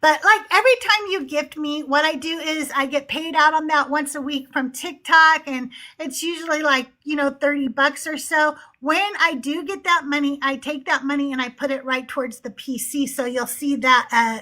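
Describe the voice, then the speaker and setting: A woman's voice: sits high, fairly even intonation, moderate pace, few pauses, sharp tone. A woman hosting a casual livestream chat, chatty and upbeat, often laughing as she talks to her viewers. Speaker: livestream host.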